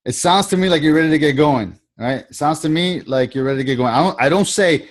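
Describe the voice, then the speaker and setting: A man's voice: on the high side, moderate pace. A man coaching a sales trainee on a video call, talking in a casual, repetitive way and acting out the lines he quotes.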